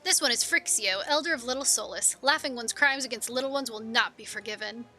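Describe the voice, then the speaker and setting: A woman's voice: a little high, fairly quick, pushed and bright, soft background music. A woman voicing a solemn elderly male beastman elder who speaks formally, in the third person. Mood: stern.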